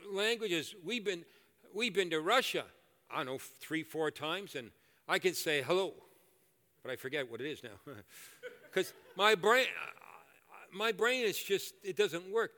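An older man preaching a sermon and leading prayer in a church, animated and joking at his own expense. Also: high-pitched, unhurried. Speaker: pastor. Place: church hall. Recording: echoey hall reverb.

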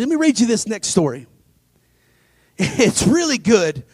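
A male pastor preaching a dramatic sermon, swinging between loud emphasis and hushed asides. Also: high-pitched, big pitch swings, a little slow, a little hiss or hum. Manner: acts out scripture voices.

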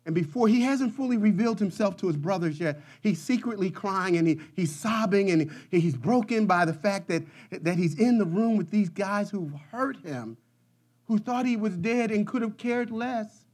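A man preaches a sermon at normal speed, dropping into quiet, low passages and climbing to shouted peaks. He repeats phrases in rhythmic runs.

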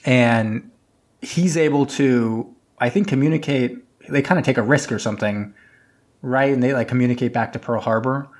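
Casual male podcaster recapping a film. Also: normal speed. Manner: rambling retelling, acts out characters with pitch jumps. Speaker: podcast co-host.

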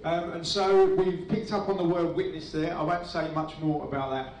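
Give me a chatty pastor in an echoey hall. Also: male voice, fairly high pitch, normal speed, a little mellow. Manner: chatty, hesitant with many ums. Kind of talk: casual sermon. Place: church hall with a live congregation. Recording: echoey hall, voice from far off, faint room noise.

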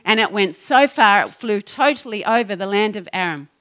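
A woman's voice: mid-range voice, moderate pace. A middle-aged woman pastor preaching a passionate, rising sermon to her congregation. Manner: passionate, building to excited exhortation.

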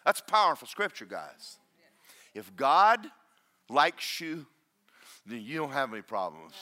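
Pastor, man, booming voice, bright and animated, joking at his own expense. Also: unhurried. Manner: loud, booming preacher with self-deprecating humor. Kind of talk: sermon. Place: church.

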